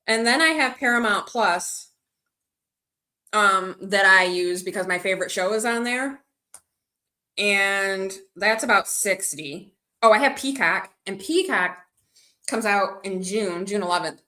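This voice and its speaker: A woman livestreams to her viewers, rambling casually between stories and replies to comments. Her mid-range voice is unhurried, bright and forceful.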